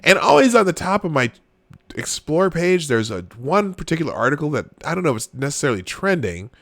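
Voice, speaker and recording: A man's voice: fairly high pitch, big pitch swings, a little fast, no echo. A man in his forties hosting a casual live stream, rambling with frequent restarts and talking straight to his chat viewers. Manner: rambling, restarts often, laughs at own jokes; talks to chat viewers directly. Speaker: live show host.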